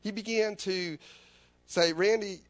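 A man's voice: on the high side, expressive, a little slow, dry recording. A man preaching a sermon as a personal testimony, earnest and confessional, often repeating his phrases.

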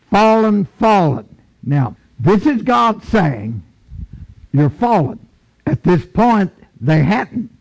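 A man preaching a sermon slowly and emphatically, repeating key phrases and booming when he reads scripture aloud. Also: gravelly, low-quality recording.

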